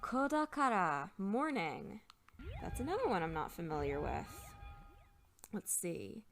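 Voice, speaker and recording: A woman's voice: mid-range voice, big pitch swings, a little slow, soft background music. A young woman hosting a casual game playthrough, chatty and thinking aloud as she looks words up at her computer. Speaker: let's play host. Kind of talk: casual game commentary, explaining Japanese words.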